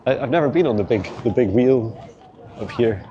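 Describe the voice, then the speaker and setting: A man's voice: medium pitch, lively intonation, moderate pace, dull audio, a faint crowd, a little hiss or hum. A man rambling casually while walking outdoors through city streets, filming on a handheld phone, chatty and laughing often. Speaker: vlog host. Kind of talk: walking tour vlog.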